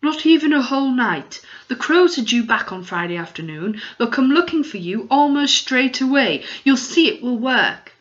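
A woman's voice: high-pitched, animated, moderate pace, few pauses, voice pushed up. A woman voicing a practical, somewhat gloomy boy who talks in a matter-of-fact way, in a slightly dull recording. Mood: planning.

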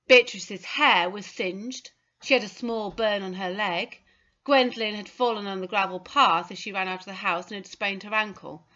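Bright-voiced woman reading a story. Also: mid-range voice, muffled recording. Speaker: audiobook narrator. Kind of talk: scripted narration.

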